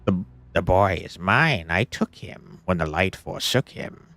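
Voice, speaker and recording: A man's voice: low voice, expressive, a little slow, vocal fry, fairly bright tone, dry recording, voice pushed down, full character voice. A man putting on a sing-song taunting demon. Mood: menacing.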